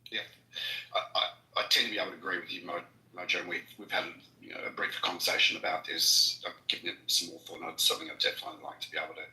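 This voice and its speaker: A man speaking in a casual chat, halting with lots of ums and restarts. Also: sits low, fairly even intonation, sharp tone, echoey room, rough recording.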